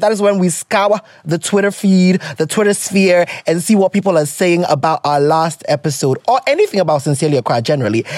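A podcast host with a Ghanaian accent and a sore throat, chatting casually and mixing in Twi phrases. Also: female voice, medium pitch, a little mellow, dry recording, clean studio sound. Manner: chatty, laughs often, slips into Twi phrases. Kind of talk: casual chat.

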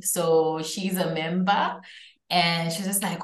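A woman's voice: on the low side, steady tone, moderate pace. Upbeat woman podcast host, roomy sound. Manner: upbeat and effusive. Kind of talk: interview hosting.

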